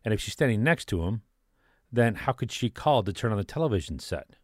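A man with a lowish voice talks through his doubts, asking pointed questions in a sarcastic tone. The recording is dry, with no room sound. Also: animated, a little fast, darkish tone, no room sound. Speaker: commentator. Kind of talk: skeptical commentary.

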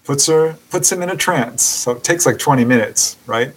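A man who is a podcast guest, telling a story with lively narration that acts out the people in it and laughing often. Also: mid-range voice, moderate pace, low-quality recording. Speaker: guest, author on UFO encounters. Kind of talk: animated storytelling in a podcast interview.

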